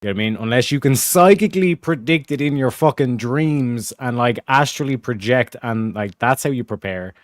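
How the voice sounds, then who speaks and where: A man's voice: mid-range voice, expressive, moderate pace, few pauses, dry recording, studio quality. Profane rambling man reacting to a clip. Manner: profane, rambling, repeats "you know what I'm saying". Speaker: streamer reacting to a debate clip. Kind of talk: casual reaction commentary.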